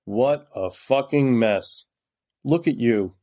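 A cruel crime boss who taunts his victims and threatens them quietly, in no hurry at all, as a man reads him. The voice is mid-pitched and even. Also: slow pace, close to an everyday voice. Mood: mocking.

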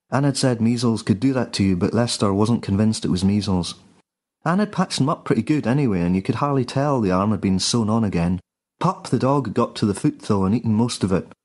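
A man reading a dark comic story in a dry, deadpan way. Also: lowish voice. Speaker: narrator.

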